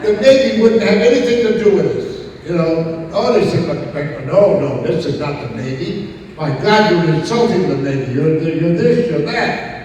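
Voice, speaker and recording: A man's voice: a little high, expressive, moderate pace, a little mellow, distant mic, slight background noise. An older man, a convention guest, telling salty stories to a live audience with laughing asides. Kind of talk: storytelling Q&A on stage. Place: large convention hall. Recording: echoey hall, mic heard from afar.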